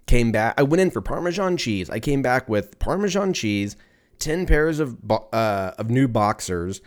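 A man's voice: mid-range voice, expressive, normal speed. A man in his thirties hosting a podcast on his own, rambling, swearing casually and laughing at his own jokes. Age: 30s. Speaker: podcast host. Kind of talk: casual solo podcast chat.

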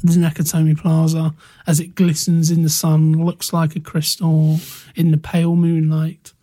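A man co-hosting a casual film podcast, reading out trivia in a relaxed way with small restarts. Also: on the high side, moderate pace, no room sound. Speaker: podcast co-host.

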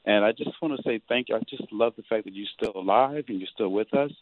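A man's voice: on the low side, quick pace, dry recording. A man calling in to a radio show, effusive and emotional as he gushes his thanks. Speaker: caller. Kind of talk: call-in radio. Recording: dry tinny phone line.

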